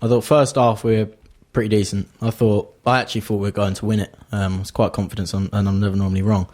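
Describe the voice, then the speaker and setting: A man co-presenting a casual fan radio show in a small studio, teasing with deadpan asides. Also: on the low side, fast.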